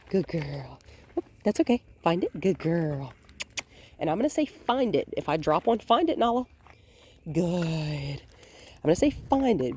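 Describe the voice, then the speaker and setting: A woman dog trainer filming a walk outdoors on a hand-held phone, calmly explaining and softly praising the dog. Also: on the low side, slight background noise. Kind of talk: hands-on training demonstration. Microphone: phone held in one hand.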